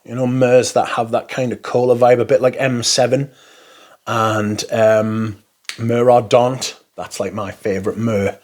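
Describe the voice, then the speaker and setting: A man's voice: mid-range voice, little pitch movement, unhurried, a little mellow. Chatty guy doing a casual review, goes off on tangents. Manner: rambling, chatty, swears while ranting. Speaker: fragrance reviewer. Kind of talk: casual first-impressions review.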